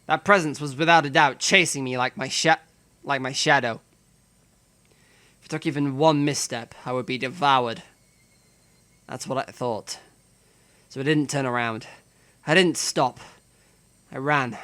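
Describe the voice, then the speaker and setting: Bright-voiced man reading a visual novel. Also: medium pitch, a little slow, pauses often. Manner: dramatic reading with joking, profane asides. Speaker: streamer.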